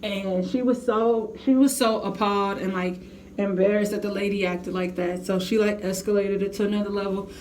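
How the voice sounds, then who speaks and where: A woman's voice: mid-range voice, fairly even intonation, normal speed, a little mellow, slight background noise. A young adult woman telling a heated storytime to her vlog viewers, venting with blunt, profane language. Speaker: vlogger.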